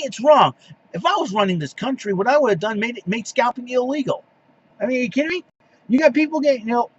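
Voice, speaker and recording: A man's voice: high-pitched, a bit bright, slightly rough, muffled recording. A man hosting his own podcast, ranting casually and with exasperation, with many restarts and fillers. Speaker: podcast host. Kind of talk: casual solo rant.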